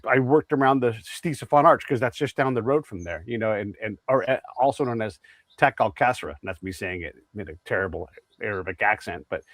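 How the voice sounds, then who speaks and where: A man's voice: mid-range voice, no echo. A man hosting an interview, telling long rambling stories with many restarts and asides. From United States. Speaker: podcast host. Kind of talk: conversational interview.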